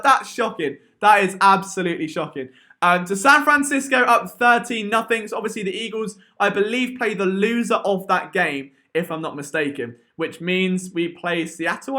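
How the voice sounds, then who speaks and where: A young English man hosting a live stream, talking in an excitable, rambling way. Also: high voice, fairly quick. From England.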